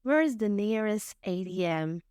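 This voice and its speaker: A woman reads short everyday phrases aloud for learners, one by one, at an unhurried pace. Her voice is smooth and crisp, and every word is carefully pronounced. The sound is dry and close, with no room echo. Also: mid-range voice, expressive, darkish tone. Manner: careful, deliberate enunciation with pauses. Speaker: English teacher. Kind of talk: slow phrase-by-phrase reading for learners.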